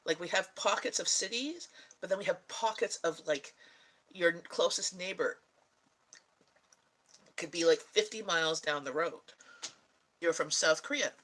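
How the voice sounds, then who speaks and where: A woman's voice: fairly low pitch, measured pace, pauses often, fairly bright tone, rough recording. A woman vlogger chatting casually with viewers, rambling and laughing often. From Canada. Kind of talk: casual chat answering viewers.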